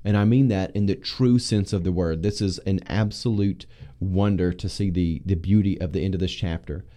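A man leading a casual Bible discussion as pastor, teaching with animated emphasis. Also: low voice, moderate pace.

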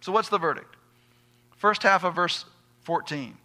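Bright-voiced man preaching a sermon. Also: sits high, a little slow. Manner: emphatic, asks the congregation rhetorical questions. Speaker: pastor.

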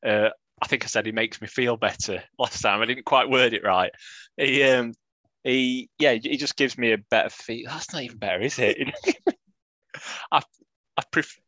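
A man's voice: medium pitch, normal speed, pushed and bright, dry recording. A man from England co-hosting a casual football podcast, laughing often and ending lines with tag questions. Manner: laughing, tags questions, self-mocking. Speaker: podcast co-host.

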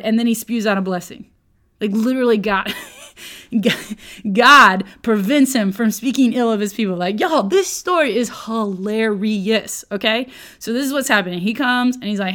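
A woman teaches a Bible lesson in a relaxed, conversational way, full of playful asides. Her voice sits at an ordinary middle pitch, and she keeps checking in with "okay?". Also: moderate pace.

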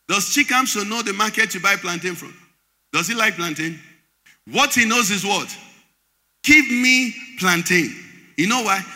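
A man's voice: sits high, bright, forceful tone. A man preaching a sermon, quizzing the congregation so they fill in his words. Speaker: pastor. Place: large church hall. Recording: echoey church hall.

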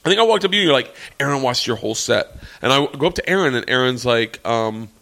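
A man in his forties telling a long comedy story in casual chat, animated and profane, often laughing. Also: mid-range voice, quick pace, vocal fry. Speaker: comedian guest.

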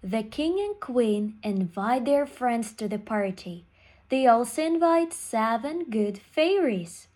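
Slow, clear woman reading a storybook. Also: on the high side, a little mellow. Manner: slow, clear, simple sentences for young listeners.

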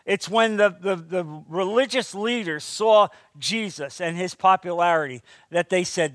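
A man delivers a sermon with a fairly high voice and lively, animated preaching. His delivery swings up into emphatic bursts and drops back down. The sound is dry, with little room around it. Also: no echo. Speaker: pastor.

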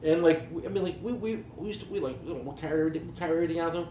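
A man's voice: fairly high pitch, very fast, dark tone, echoey room, a little hiss or hum. A man, telling stories in casual chat with blunt, profane language. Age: 40s. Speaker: podcast co-host, business owner.

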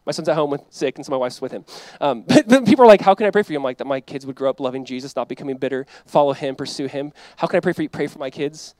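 A man in his thirties preaching a sermon as pastor, animated and emphatic, acting out quoted voices. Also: medium pitch, rapid-fire, hardly any pauses, dry recording.

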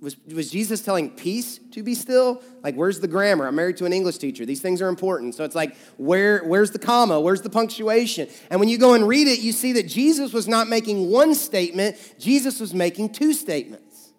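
A male pastor with a Kentucky accent preaching a conversational sermon, swinging between emphatic loud stretches and hushed ones. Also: high voice, expressive, a little fast, hardly any pauses. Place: church sanctuary. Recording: church hall reverb with soft music.

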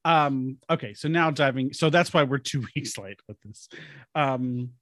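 A man's voice: medium pitch, a little slow, a bit bright, no room sound, clean studio sound. A man co-hosting a podcast in casual chat, joking and rambling with restarts. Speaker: podcast co-host.

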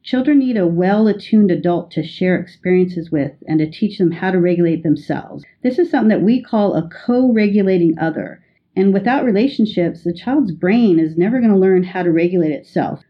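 A woman educator giving a measured, patient teaching talk, explaining with everyday examples. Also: lowish voice, expressive, husky, highs cut off. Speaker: educator guest.

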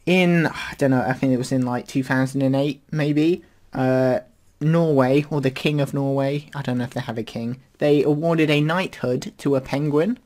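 Male podcast host, mid-pitch, rambling and hesitant, casual chat. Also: fairly even intonation, moderate pace, a little mellow. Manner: rambling and hesitant, many fillers.

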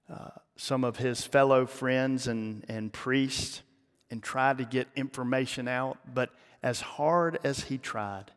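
A male pastor telling a story in a sermon, dramatic, with his voice dropping low and hushed at the emotional peaks. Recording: long hall reverb.

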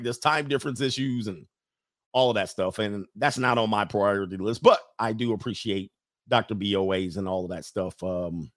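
A man's voice: mid-range voice, a bit bright, no echo, studio quality. Blunt, preachy man on a livestream. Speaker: coach, podcast host. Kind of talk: livestream commentary reading chat.

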